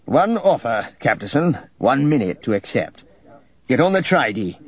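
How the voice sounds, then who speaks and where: A man's voice: mid-range voice, sing-song, measured pace, breathy edge, lo-fi sound, heavily acted. A man voicing a smug, scheming male governor in an audiobook, cold and demanding. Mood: menacing.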